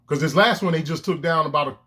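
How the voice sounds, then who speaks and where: A man's voice: on the high side, fast, bright, forceful tone. A man ranting to his own camera in heated, profane commentary, with emphatic outbursts. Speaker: vlogger. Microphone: camera lens, self-recorded.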